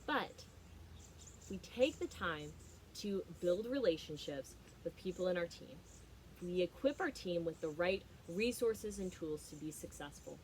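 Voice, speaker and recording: A woman's voice: fairly low pitch, expressive, a little slow, a little mellow, slight background noise, poor audio. Young woman giving a pumped-up leadership talk, tells stories, lots of uhs. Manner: emphatic, storytelling, frequent fillers. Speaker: leadership trainer and founder. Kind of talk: motivational keynote talk.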